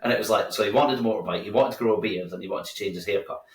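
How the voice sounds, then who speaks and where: Racing along in a lowish voice, a bar owner rambles and keeps restarting while chatting casually as an interview guest. A crowd can be heard behind him, and the distant mic gives a roomy sound.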